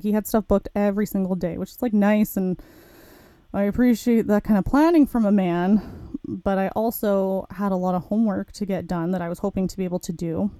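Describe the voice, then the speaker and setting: A woman's voice: medium pitch, dark tone, clean tone, no room sound. A woman podcast host telling a personal story in a candid, frank way, swearing casually.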